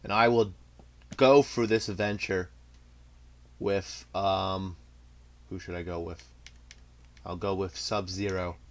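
A young man with a fairly low voice narrates his own fighting-game match out loud, jumping between muttered asides and bursts of trash talk. He laughs at his own jokes, and keyboard typing can be heard behind him. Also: steady tone, slow pace, pauses often. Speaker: gameplay commentator. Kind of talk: live gameplay commentary.

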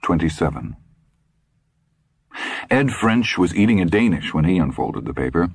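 A man reading an audiobook aloud with dramatic, expressive storytelling. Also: sits low, normal speed, slightly rough, no room sound, clean studio sound. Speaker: audiobook narrator. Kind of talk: scripted audiobook narration.

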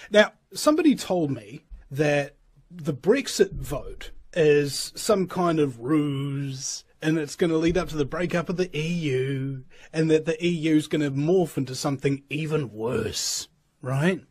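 A man's voice: a little high, expressive, a little slow, a little mellow, husky. A male host in casual interview chat, joking and explaining things in plain terms.

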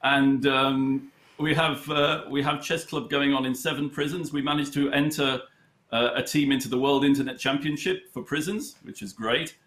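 A man being interviewed about his chess charity, telling anecdotes in a halting way with many fillers and a dry humour. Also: mid-range voice, fairly even intonation, a bit bright. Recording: roomy echo.

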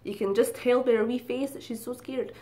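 A woman's voice: a little high, steady tone, brisk, dark tone. A woman telling a story in a casual vlog, chatty, swearing freely and giggling at herself. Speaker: vlogger.

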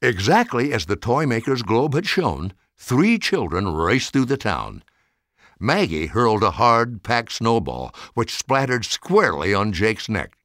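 Expressive elderly man reading a storybook. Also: mid-range voice, measured pace, dry recording, clean studio sound. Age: 80s. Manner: expressive, sweeping delivery. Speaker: narrator. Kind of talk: storybook read-aloud.

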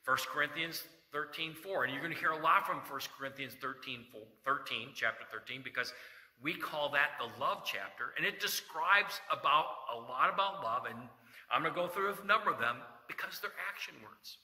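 Pastor, middle-aged man, bright tense voice, slightly higher pitched, folksy sermon in a reverberant sanctuary. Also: lively intonation, moderate pace. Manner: folksy, jokes and asides, scripture quotes. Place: church sanctuary. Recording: echoey church hall reverb.

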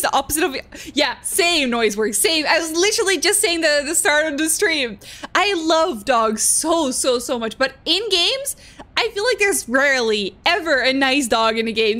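A woman's voice: very high voice, pushed and bright. A young woman with a Dutch accent giving live gameplay commentary, jumpy and shrieking and laughing at scares. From Netherlands. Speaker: streamer.

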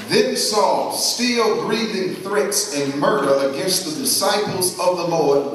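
A man preaching a church sermon, reading scripture aloud and calling on the congregation to answer back. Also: high-pitched. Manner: call-and-response, drawn-out emphatic reading. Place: church sanctuary. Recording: very echoey church, mic at a distance.

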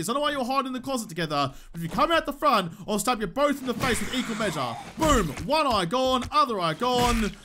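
A young man with an Australian accent talks through his gameplay in a loose, joking way, often speaking straight to the game. His voice sits high and bright. It swings up and down freely as he talks. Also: slight background noise. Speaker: gaming YouTuber. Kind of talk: casual gameplay commentary.

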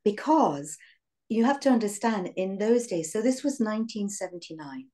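A woman in her sixties with an English accent, reminiscing in an interview in a reflective, halting way with fillers and soft laughs. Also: medium pitch, lively intonation. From England. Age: 60s.

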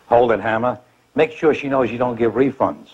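An actor playing a brusque film director interrupting a detective spoof. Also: male voice, mid-range voice, normal speed, a little mellow, muffled recording, a little hiss or hum, close to an everyday voice. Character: gruff male film director cutting in.

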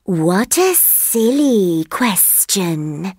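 A woman voicing a slow, wary snake in a storybook reading, speaking slowly and gravely. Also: medium pitch, big pitch swings, darkish tone, no echo, studio quality, full character voice.

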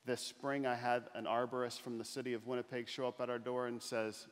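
A man's voice: mid-range voice, flat delivery. Middle-aged man giving an inspirational talk in a reverberant hall. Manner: storytelling with slow, emphatic pauses and rising, louder climaxes. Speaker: motivational speaker. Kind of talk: inspirational keynote speech. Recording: long reverb of a large hall.

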